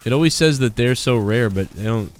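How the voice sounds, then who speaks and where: A man's voice: mid-range voice, lively intonation, brisk, soft background music. A man chatting casually on a gaming live stream, rambling and getting heated as he retells an argument.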